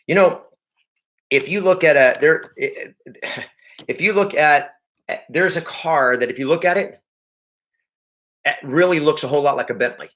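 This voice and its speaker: A man's voice: fairly high pitch, measured pace, long pauses, a bit bright. A man coaching real estate agents, emphatic and repeating his points, acting out the talk with clients. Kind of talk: motivational sales training talk.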